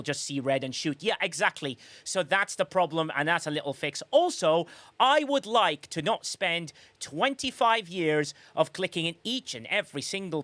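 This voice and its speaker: A man with a somewhat high voice hosts a relaxed livestream podcast and reads viewers' comments aloud. He rambles and restarts himself, with teasing sarcasm. The sound is close and dry, with no room echo. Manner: chatty, rambling, with frequent restarts and sarcastic asides. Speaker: podcast host. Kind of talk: casual livestream chat reading viewer comments.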